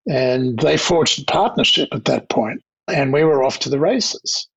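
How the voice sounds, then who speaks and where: Older Australian man, gravelly and husky, reflective interview guest, slightly dull recording. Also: medium pitch, expressive, a bit bright. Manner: anecdotal, measured, with restarts. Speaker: guest, diplomat.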